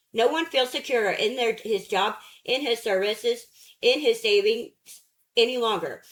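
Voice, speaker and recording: Higher-voiced woman narrating an audiobook. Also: rough recording. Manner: measured, steady reading of essay prose.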